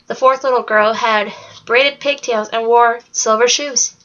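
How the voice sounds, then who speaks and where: A woman's voice: on the high side, a little slow. Woman reading a storybook aloud, lo-fi. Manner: steady, plain storytelling read with small slips. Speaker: narrator. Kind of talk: read-aloud book narration. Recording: dull lo-fi recording.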